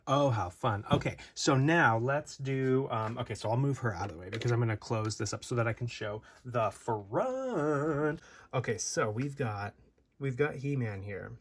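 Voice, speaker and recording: A man's voice: mid-range voice, expressive, normal speed, a little hiss or hum. A man giving a casual unboxing commentary at home, rambling and playful with many fillers and restarts, recorded on a phone. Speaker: toy reviewer. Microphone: phone camera.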